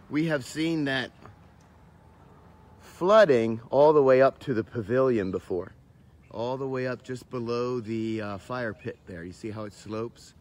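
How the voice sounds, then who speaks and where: A man who is a pastor, walking and chatting in a casual vlog, joking and mocking himself, first outside on the church grounds and then inside a sanctuary, talking into a handheld camera. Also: medium pitch. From small-town Pennsylvania, USA. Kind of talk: casual vlog walk-and-talk.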